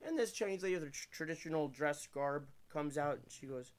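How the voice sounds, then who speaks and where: A man's voice: on the high side, fairly quick. A male comedian from Pennsylvania telling crude, self-deprecating stories in a casual podcast chat indoors. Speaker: comedian guest. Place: indoors room.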